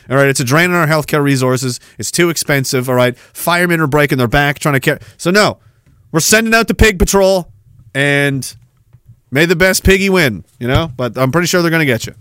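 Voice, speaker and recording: A man hosts a livestream podcast, ranting sarcastically, laughing at his own riffs, and reading chat comments aloud. His voice is a little high, animated, and fairly bright, fairly quick, with clean, echo-free studio sound.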